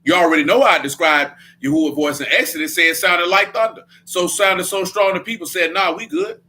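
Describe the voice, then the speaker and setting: A man's voice: high-pitched, brisk, sharp tone. A man leading a Bible study in a casual preaching style, blunt and emphatic, with a lot of slang.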